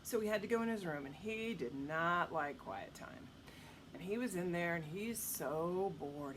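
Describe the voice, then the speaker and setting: Animated woman reading a storybook to kids. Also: medium pitch, moderate pace, slight background noise. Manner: animated, asks the listener questions. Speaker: storytime reader. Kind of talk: read-aloud storytime for children.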